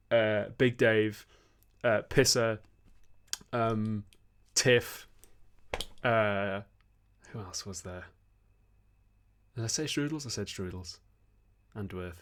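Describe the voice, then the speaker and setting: A young man hosting a livestream, reading viewer questions and chatting in a rambling way, laughing often. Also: mid-range voice. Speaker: host.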